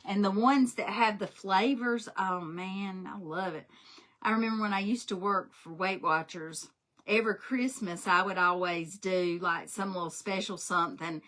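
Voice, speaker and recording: A woman's voice: mid-range voice, normal speed, fairly bright tone. A woman, chatting and telling stories while crafting live, laughing often. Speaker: craft livestream host. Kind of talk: casual chat while crafting.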